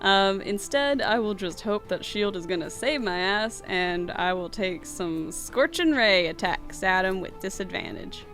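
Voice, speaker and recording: A woman's voice: mid-range voice, expressive, measured pace, hardly any pauses, a bit bright, soft background music. A woman playing a tabletop game, chatting and laughing through her dice rolls. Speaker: player. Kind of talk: casual tabletop play.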